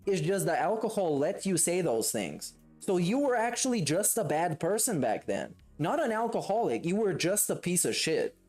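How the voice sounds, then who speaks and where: A man's voice: sits high, big pitch swings, normal speed, few pauses, a little mellow, faint music behind. A male streamer in live reaction commentary who rants in a profane, scornful, mocking way.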